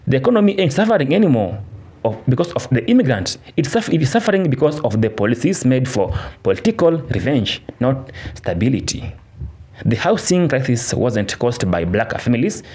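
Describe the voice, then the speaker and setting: Man, commentary voice-over, husky, lively pitch, emphatic, stumbling restarts. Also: fairly quick. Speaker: channel narrator.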